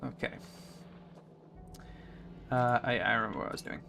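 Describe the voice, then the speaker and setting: A man's voice: medium pitch, steady tone, normal speed, gravelly, bright, forceful tone, a little hiss or hum. A man streaming a game live, rambling and thinking aloud with many fillers. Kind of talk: live gameplay commentary.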